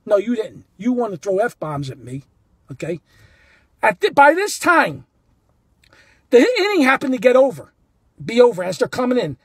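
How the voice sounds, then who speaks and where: A man telling a heated story about a ballgame as a fan, animated and indignant, cursing and repeating himself. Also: very high voice, moderate pace, pauses often, slightly rough, no room sound. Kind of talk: heated first-person storytelling.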